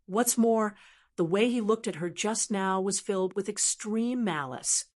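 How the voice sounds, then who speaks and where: Female narrator, mid-pitched, steady fantasy audiobook narration.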